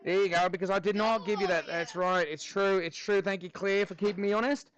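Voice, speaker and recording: A man teaching a math lesson in a classroom, his voice pitched high and recorded close and dry. He is playful and jokey as he works through problems, now and then throwing in mock Australian slang. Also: fairly even intonation, fairly quick, hardly any pauses, fairly bright tone, no room sound.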